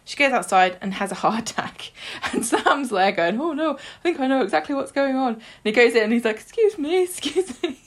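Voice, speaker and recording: A woman's voice: on the high side, fairly quick, hardly any pauses. Woman gossiping thru a soap recap, acts out the characters, giggles a lot. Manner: animated retelling, mimics characters' lines, laughs often. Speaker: podcast co-host. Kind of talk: casual chat recapping a soap.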